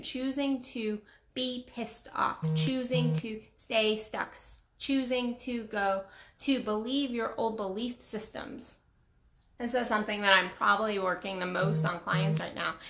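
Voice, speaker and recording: A relationship coach speaks directly to her viewers in a casual vlog monologue, emphatic and relaxed, repeating phrases for weight and slipping into quoted voices. Her voice is a little high and a bit bright, with a clear, roomy echo.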